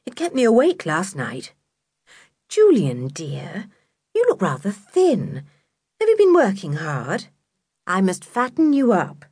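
A woman voicing a gentle, fussing mother in a children's audiobook, speaking softly and soothingly. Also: mid-range voice, huge pitch swings, takes it slowly, long pauses, husky, dry recording, clean studio sound, full character voice. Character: kind, anxious mother Aunt Fanny, gentle and fussing.

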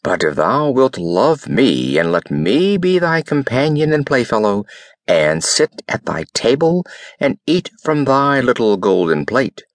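A man voicing a slow, solemn talking frog. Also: mid-range voice, sing-song, no echo, studio quality. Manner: slow, deliberate, archaic speech. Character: frog, male, slow and solemn, old-fashioned speech.

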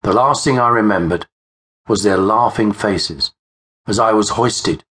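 A man narrating a first-person horror audiobook in a measured, grave manner. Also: fairly low pitch, a bit bright. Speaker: author and narrator.

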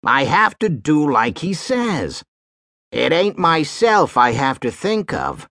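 A man doing a frightened, hushed pleading man. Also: on the high side, sing-song, takes it slowly, no room sound, clean studio sound, heavily acted. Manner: gasping and begging.

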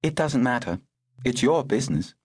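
A man's voice: mid-range voice, lively intonation, moderate pace, a little mellow, husky, no room sound, pitched above the performer's own voice. A man voicing a cool, composed older lady. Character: poised older upper-class woman, cool and wry.

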